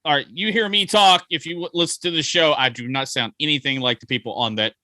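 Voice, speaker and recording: A man's voice: on the high side, quick pace, bright, forceful tone, no room sound. A man, co-hosting a casual movie review podcast and rambling with jokes and fillers. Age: 40s. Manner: rambling, jokey, many ums and uhs. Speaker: podcast co-host.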